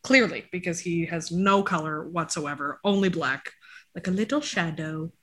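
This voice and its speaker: Going through her dog's DNA results, a woman keeps it casual and cracks jokes at the dog as she reads. Her voice is on the low side and fairly bright, at a moderate pace.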